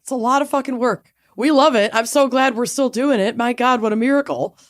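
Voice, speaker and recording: A woman co-hosting a podcast, talking in a casual, jokey, animated way and swearing now and then. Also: on the high side, brisk. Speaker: podcast co-host. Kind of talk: casual chat.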